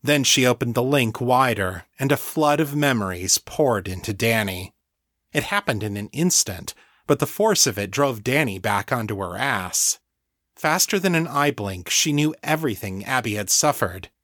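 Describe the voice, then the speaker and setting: A man narrating his own novel as an audiobook in a measured, steady way. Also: mid-range voice, no room sound, clean studio sound.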